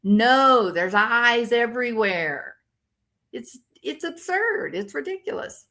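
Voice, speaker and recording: A woman's voice: on the high side, sing-song, slow pace, sharp tone. An older woman hosting a casual true crime commentary livestream, ranting and reacting to viewer comments as they come in.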